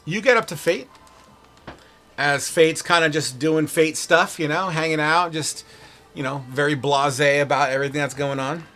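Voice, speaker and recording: A man narrating as game master in casual, relaxed talk full of fillers. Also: fairly high pitch, moderate pace, soft background music. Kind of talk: narrating a tabletop game over voice chat.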